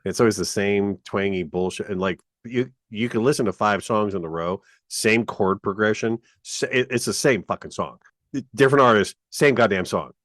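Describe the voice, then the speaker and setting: A podcast co-host with a deep voice rants bluntly in a casual chat. He talks at a moderate pace with a fairly bright tone, and the studio sound is clean with no echo.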